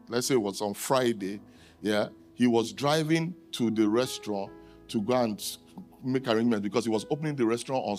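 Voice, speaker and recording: A middle-aged male pastor from Nigeria, preaching a sermon in storytelling mode and acting out the dialogue with sudden high leaps in his voice. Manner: animated, acts out dialogue with sharp rises in pitch.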